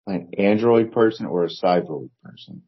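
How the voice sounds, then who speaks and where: Husky man with a New Jersey accent. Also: on the low side, normal speed, lo-fi sound. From New Jersey, United States. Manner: hesitant, repeats himself, fillers. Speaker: author guest. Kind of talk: casual interview chat.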